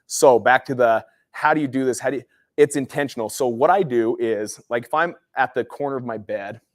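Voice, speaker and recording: A man's voice: mid-range voice, no echo, studio quality. A man in his forties from Utah, a guest speaker giving a motivational talk with personal stories in a casual, rambling way. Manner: casual, rambling storyteller with many fillers.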